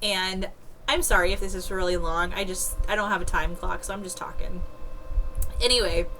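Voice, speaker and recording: A woman's voice: on the low side, fairly even intonation, moderate pace, pushed and bright, slight background noise, poor audio. A young woman casually telling her own birth story to a camera, chatty and filling her talk with "like" and laughter. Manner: chatty, laughs often, frequent "like" fillers.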